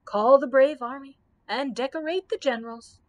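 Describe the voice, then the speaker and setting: A woman voicing a kind, fussy male Scarecrow emperor with an animated, exclaiming delivery. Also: sits high, normal speed, dull audio, pitched above the performer's own voice, lightly acted. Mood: cheerful.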